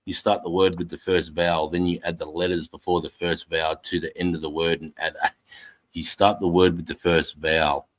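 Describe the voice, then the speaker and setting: A man's voice: deep voice, little pitch movement, a little fast, rough recording. A man casually hosting a livestream, telling stories bluntly with plenty of swearing. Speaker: livestream host.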